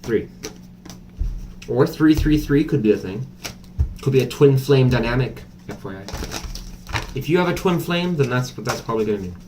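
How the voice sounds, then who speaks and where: A man giving a casual tarot reading, chatty and blunt, with a mid-range voice. He thinks out loud and fills gaps with hesitations. A faint hiss sits under the recording. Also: mid-range voice, expressive, moderate pace, pauses often. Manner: chatty, blunt, thinks aloud with many fillers. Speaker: tarot reader.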